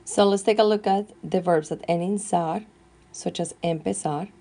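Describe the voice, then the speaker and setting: A woman teaching Spanish grammar, slowly and carefully dictating verb forms one at a time. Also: on the low side, mellow. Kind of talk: classroom grammar lesson.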